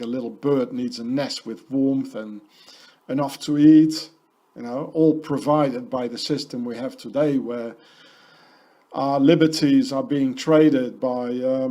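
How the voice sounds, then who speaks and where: Slow, rambling male conspiracy narrator. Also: medium pitch, dark tone. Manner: rambling, ranting, heavy with fillers. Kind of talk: conspiracy video voice-over.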